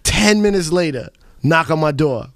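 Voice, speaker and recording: A man with a New York accent hosting a radio interview, telling animated stories and putting on loud voices for the people in them. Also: on the high side, normal speed, dry recording, clean studio sound. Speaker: radio host. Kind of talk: casual interview chat.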